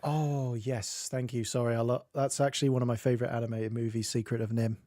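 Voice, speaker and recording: Casual male streamer, jokey and laughing, mid-pitched, dry close sound. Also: flat delivery, fairly quick, dark tone, no room sound. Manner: chatty, laughs often, jokey asides. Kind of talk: casual chat.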